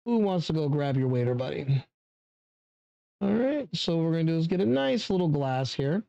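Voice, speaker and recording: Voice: medium pitch, normal speed, creaky, no echo, muffled recording. Chatty, dry-voiced wine reviewer. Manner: chatty and relaxed, many fillers, talks straight to viewers. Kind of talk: casual wine tasting review.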